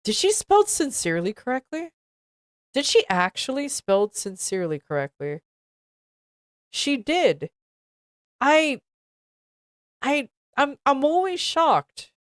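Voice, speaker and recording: A woman's voice: high voice, sing-song, slow, long pauses, no echo, clean studio sound. A woman streamer reading a badly written fan fiction aloud, stumbling over misspellings and breaking off into exasperated asides.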